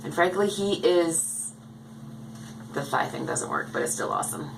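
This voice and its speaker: A woman's voice: on the low side, huge pitch swings, normal speed, creaky, noisy background. A woman chatting casually to the camera in a rambling way as she shows her dolls at home. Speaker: doll collector vlogger. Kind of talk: casual chat. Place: home, indoors.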